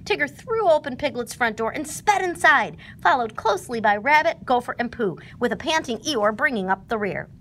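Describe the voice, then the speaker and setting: A woman reading a children's storybook aloud, with a fairly high voice that rises and falls a lot. Her narration is expressive and animated. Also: moderate pace, hardly any pauses, slight background noise.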